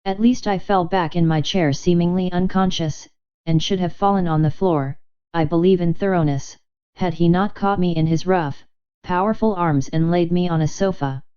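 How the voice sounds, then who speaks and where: A woman narrating a novel in first person as an audiobook, in a measured, wry storytelling manner. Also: fairly low pitch, mellow, smooth, muffled recording.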